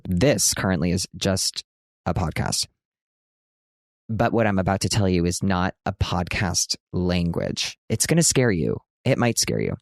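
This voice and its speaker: A man's voice: lowish voice, no echo, studio quality. A man in his thirties hosting a casual podcast from a hotel room, chatty and self-mocking, now and then jumping into a big dramatic announcer voice. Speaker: podcast host.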